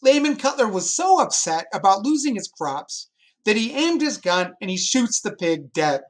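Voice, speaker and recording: A male teacher giving a lively history lesson to his class, joking and pointing things out as he explains. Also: high-pitched, moderate pace.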